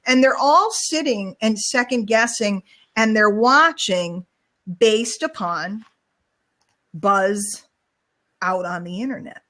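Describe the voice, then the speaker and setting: A woman's voice: medium pitch, slow pace, long pauses, bright, forceful tone. A woman hosting a casual online show, chatting in a rambling, storytelling way over a video call. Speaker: show host.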